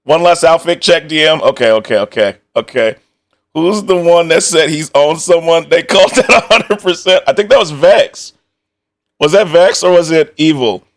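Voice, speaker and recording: A man's voice: a little high, normal speed. A young man streaming, reacting casually to outfits with constant laughter, swearing and joking banter.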